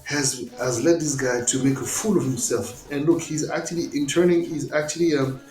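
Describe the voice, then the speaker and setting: A man's voice: on the high side, moderate pace, darkish tone, reverberant, faint music behind, low-quality recording. A man on a podcast as a guest in casual chat, blunt and worked up, often restarting his sentences.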